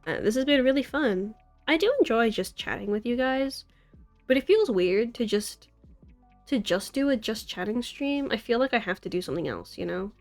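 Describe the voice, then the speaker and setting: A woman's voice: a little high, animated, normal speed. Young woman, American accent, casual stream chat, rambly, giggly, faint music underneath. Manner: rambling, giggly, self-deprecating. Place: apartment room in a city. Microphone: desk mic.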